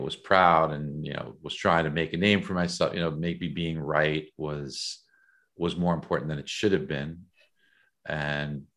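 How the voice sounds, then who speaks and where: Very deep-voiced, reflective man. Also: fairly bright tone. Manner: reflective, measured, many fillers. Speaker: guest, author. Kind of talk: conversational interview.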